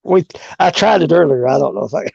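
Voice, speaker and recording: A man co-hosting a casual chat, halting and repetitive, laughing often. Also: on the high side, lively intonation, vocal fry, darkish tone, breathy edge, lo-fi sound. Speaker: show co-host.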